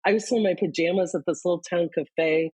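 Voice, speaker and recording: A woman from Iowa speaks as an interview guest in a low, husky, mellow voice. She tells personal stories candidly, moving between quick bursts and slower pauses. The sound is dry and close. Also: steady tone, no room sound, low-quality recording. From Iowa, US Midwest. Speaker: guest, leadership author.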